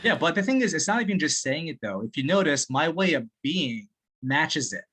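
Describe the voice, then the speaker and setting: An excitable man gives feedback over a video call, swearing freely and breaking into laughs. His voice is bright and forceful, and he gets carried away as he talks. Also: on the high side, moderate pace, breathy edge. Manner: excitable, swears often, laughs while talking. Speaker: sales training partner giving feedback. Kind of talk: casual call chat.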